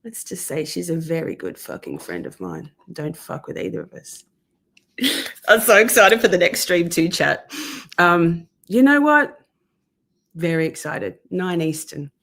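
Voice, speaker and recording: A woman's voice: on the low side, very animated, a little slow, fairly bright tone. A woman streaming live, chatting casually to her viewers and swearing freely while she fights with her gear.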